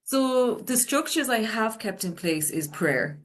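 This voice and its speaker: A woman's voice: fairly high pitch, animated, unhurried. A woman medium on a podcast panel, talking candidly and with amusement about her practice. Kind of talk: casual chat.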